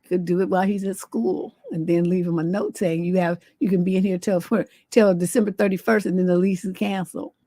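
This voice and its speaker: A woman's voice: lowish voice, fairly even intonation, brisk, few pauses, mellow, dry recording. A woman hosting a livestream as a relationship coach. She talks in a blunt, sassy way and swears freely. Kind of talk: livestream advice show.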